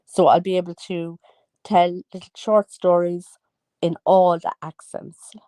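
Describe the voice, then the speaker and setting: A woman's voice: lowish voice, measured pace, darkish tone, no room sound. A woman talking in a rambling, chatty monologue, often losing her train of thought. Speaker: vlogger. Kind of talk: casual monologue.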